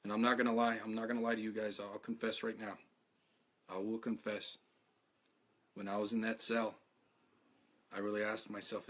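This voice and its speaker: An exhausted man talking to his followers in a live video, halting and stammering, repeating his words, earnest and heartfelt. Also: lowish voice, little pitch movement, a bit bright. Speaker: activist speaking to followers.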